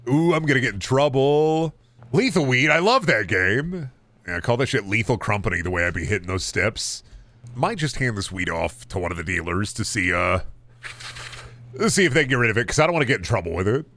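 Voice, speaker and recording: Lively, goofy male gaming streamer. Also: fairly low pitch, a little fast. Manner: goofy, joking, talks to his chat. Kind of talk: casual gameplay chat.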